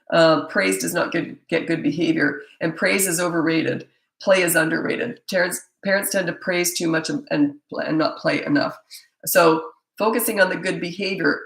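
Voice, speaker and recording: A woman's voice: on the low side, vocal fry. A middle-aged woman, a parenting coach, answering viewer questions in a blunt, emphatic and opinionated way. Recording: echoey room.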